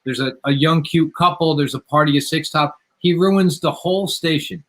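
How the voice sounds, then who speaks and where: A man hosting a podcast, chatting casually and telling a story with many halting restarts. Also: on the high side, background noise. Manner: halting, repeats words as he starts sentences. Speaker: podcast host, former waiter. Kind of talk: casual interview chat.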